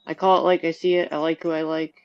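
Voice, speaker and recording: A woman's voice: low voice, level tone, fast talker, clear, resonant tone, no echo, muffled recording. A woman hosting a live online panel, talking in a hesitant, apologetic, casual way. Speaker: panel host.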